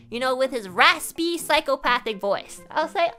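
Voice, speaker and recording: High, bright-voiced woman telling a story. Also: a little fast, few pauses, soft background music. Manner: animated, swearing, laughing storyteller. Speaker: streamer. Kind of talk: casual storytelling chat.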